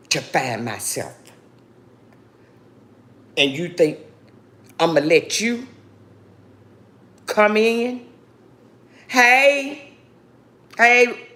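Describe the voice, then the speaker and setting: In a heartfelt address to the camera, a woman vlogger pours out grief and anger, sounding defiant and preachy and calling her viewers "baby" over and over. Her medium-pitched voice is bright with a forceful tone.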